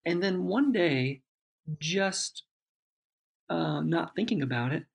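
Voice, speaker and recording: Husky guy rambling through a family story, loose and reflective. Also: a little high, expressive, slow pace. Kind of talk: casual chat.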